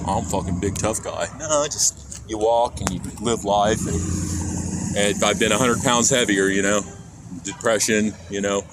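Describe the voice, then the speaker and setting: A man from Kansas live-streaming on a phone as he walks outdoors, rambling and swearing as he talks straight to his chat. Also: on the low side. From Kansas, USA. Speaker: IRL streamer. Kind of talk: casual live-stream chat while walking. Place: outdoors on city streets. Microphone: handheld phone. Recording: phone stream with loud street noise. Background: traffic and street noise.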